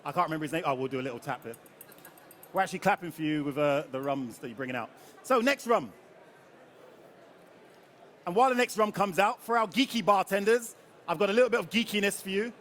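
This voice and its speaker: A man's voice: high-pitched, animated, quick pace, long pauses, a bit bright. A man leading a live rum tasting before an audience, chatty and jokey, often quizzing the crowd for tasting notes.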